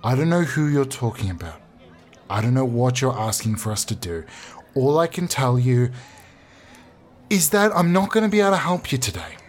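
A man improvising a comedy sketch, talking in a blustering, sweary, mock-calm way. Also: mid-range voice, normal speed, a little hiss or hum. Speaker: comedy podcast host.

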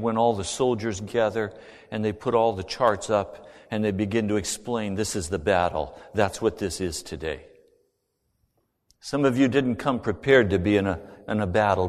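A middle-aged man preaching a sermon, telling a personal story earnestly and swinging between hushed and loud delivery. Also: on the low side, normal speed. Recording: long reverb of a large hall.

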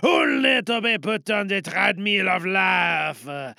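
A bristling French-accented shell creature rants and shouts in an audio comedy play, as a man puts him on. His tense, bright voice carries a gravelly bite. The sound is dry and close. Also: high voice, expressive, slow pace, no echo, full character voice. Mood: bitter. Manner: indignant, shouting.

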